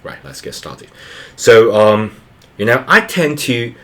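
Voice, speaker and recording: A man's voice: medium pitch, very animated, takes it slowly, background noise. A man in his thirties, a channel host and father, giving a reflective personal monologue in an earnest, hesitant way, with many fillers and restarts.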